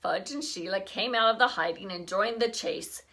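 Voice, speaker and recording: A woman's voice: medium pitch, moderate pace, bright, forceful tone. A woman teacher reading a children's chapter book aloud expressively, breaking off for chatty asides to her class.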